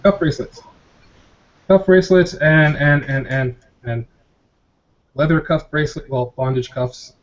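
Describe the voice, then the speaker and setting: A man's voice: medium pitch, fairly even intonation, moderate pace, lo-fi sound. A man hosting a casual group video chat, rambling and laughing, often repeating his words. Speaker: host of a motovlogger hangout.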